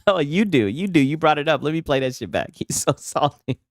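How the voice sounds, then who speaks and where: A man hosting a late-night reaction stream, mocking and laughing through his commentary. His pitch jumps around constantly while he teases and swears. The sound is dry and close to the mic. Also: animated, fairly quick, no room sound. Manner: loud, laughing, mocking, profane. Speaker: livestream host reacting to clips.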